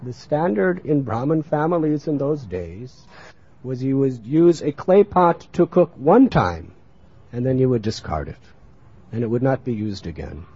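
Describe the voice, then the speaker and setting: A man telling a sacred story in a sermon, in an animated, expressive narrating manner, on a muffled lo-fi recording. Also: mid-range voice, measured pace, husky. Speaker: religious storyteller.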